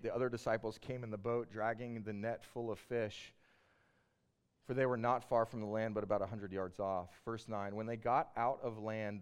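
A man preaching a sermon in a conversational, animated storytelling way. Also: lowish voice, clear, resonant tone. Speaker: pastor.

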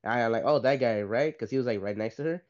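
A man's voice: medium pitch, quick pace, a little mellow. A young man, a podcast co-host, casually telling a rambling story, tagging "right?" and "like" onto his sentences. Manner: rambling, says "right?" and "like" a lot. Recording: slightly dull lo-fi sound.

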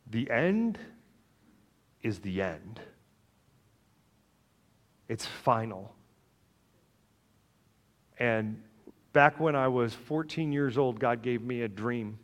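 Male pastor, mid-pitched, animated sermon delivery, joking, loud and soft swings.

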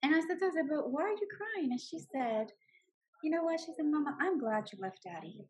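A woman in her forties telling her personal story with animated emotion, laughing often. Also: sits high, brisk. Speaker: guest sharing her story. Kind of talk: personal testimony.

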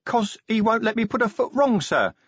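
Man doing a dazed young troll, high meek voice, slow and obedient, husky, dull sound. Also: very animated, fairly bright tone, no room sound, exaggerated voice.

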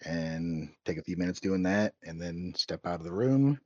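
A man describing his character's actions as a player in a tabletop game, in a relaxed way. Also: low voice, moderate pace, no echo, muffled recording.

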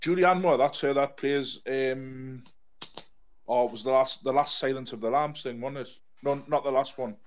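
A man's voice: medium pitch, moderate pace. A married man, co-hosting a casual podcast chat, rambling and laughing as he hunts for names. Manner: rambling, laughs a lot, loses track of names. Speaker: podcast co-host.

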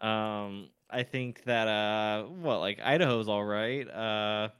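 Hedging man, casual podcast chat, smooth, dry recording. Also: on the low side, steady tone, slow pace, dry recording. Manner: hedging, trails off quietly. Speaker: podcast co-host.

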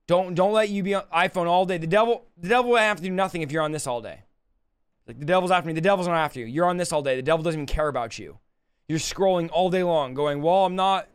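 A middle-aged man with a slightly high, clean voice preaches and prays with impassioned pleading. He often performs both sides of a dialogue himself.

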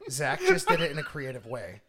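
A man co-hosting a casual podcast who tells absurd stories in a deadpan way. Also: mid-range voice, a little fast, slight background noise. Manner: deadpan comic storytelling. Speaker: podcast co-host.

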